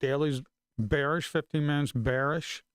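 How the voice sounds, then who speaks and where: A man's voice: a little high, fairly even intonation, unhurried, smooth, no echo, studio quality. Frustrated man muttering while trading. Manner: frustrated, swearing, muttering to himself. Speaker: futures trader streaming live. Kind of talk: casual live-stream talk.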